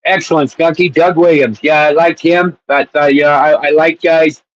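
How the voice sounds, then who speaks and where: A man's voice: on the high side, steady tone, moderate pace, muffled recording. A man co-hosting a casual sports chat show, rambling and laughing as he tells stories. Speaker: co-host.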